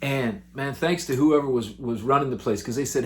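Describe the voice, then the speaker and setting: A male musician hosting his own show, telling road stories to the camera in an excitable, animated, chatty way. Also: medium pitch, normal speed, hardly any pauses. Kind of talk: casual storytelling to camera.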